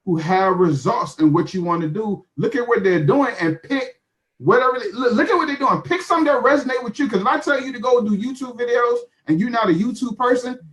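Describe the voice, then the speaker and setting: A man's voice: extremely high pitch, lively intonation, fairly quick, a bit bright. A young adult man telling his marketing story in an emphatic, repetitive, motivational way on a live call. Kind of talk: animated talk on a live call.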